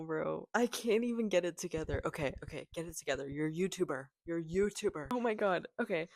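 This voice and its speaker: A woman book vlogger in a casual reaction vlog, excitable and rambling, swearing often. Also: lowish voice, brisk, no echo, studio quality. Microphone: camera.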